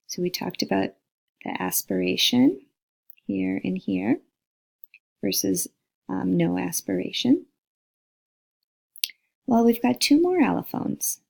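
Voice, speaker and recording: A woman's voice: medium pitch, expressive, slow, vocal fry, long pauses, husky. A woman lecturing on linguistics, walking through slides and saying example words aloud to model each sound. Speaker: linguistics instructor. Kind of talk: recorded lecture over slides.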